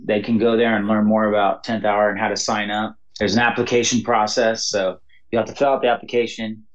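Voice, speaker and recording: Speaking fairly quickly in a lowish voice over lo-fi sound, a pastor and mission leader recounts stories in a casual interview. His telling is animated, full of "you know" and regular laughter.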